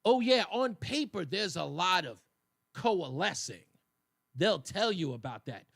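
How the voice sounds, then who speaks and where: Male talk radio host, high lively voice, dry studio sound, colloquial and mocking. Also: unhurried, creaky, dry recording. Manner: animated, colloquial, mocking asides. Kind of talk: opinion talk radio monologue. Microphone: studio microphone.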